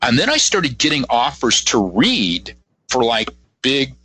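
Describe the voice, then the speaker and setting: A man's voice: medium pitch, sing-song, a little slow, pushed and bright, low-quality recording. A man in his fifties, a guest psychic, telling rambling anecdotes in a casual radio interview and acting out quotes as he goes. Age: 50s.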